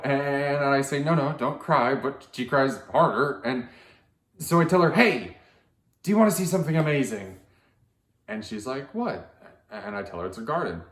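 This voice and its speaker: Man, deadpan comic monologue, hesitant restarts, quiet trailing asides, echoey room. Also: on the low side. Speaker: auditioning performer.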